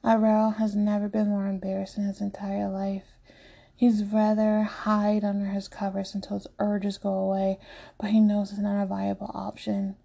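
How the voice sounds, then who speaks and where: Gravelly, hushed woman telling a story. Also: medium pitch, monotone. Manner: slow, hushed storytelling, often half-whispered. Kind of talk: story narration.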